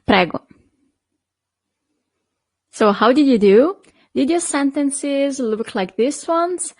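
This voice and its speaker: A woman with an Italian accent teaching an online Italian lesson, patient and checking in often with quick questions to the learner. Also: high voice, lively intonation, a little mellow, no echo. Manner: patient, checks in with frequent "okay?" and "perfect".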